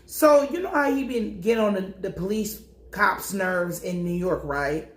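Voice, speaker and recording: Young woman, casual TV recap, animated, slangy, profane, echoey room. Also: mid-range voice, unhurried. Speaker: TV recap vlogger.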